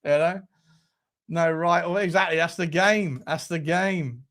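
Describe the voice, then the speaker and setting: A man's voice: a little high, fairly even intonation, measured pace, fairly bright tone. Blunt, crude-joking man. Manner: blunt and crude, joking, reading out the live chat. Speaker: fan show presenter. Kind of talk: casual live-stream chat.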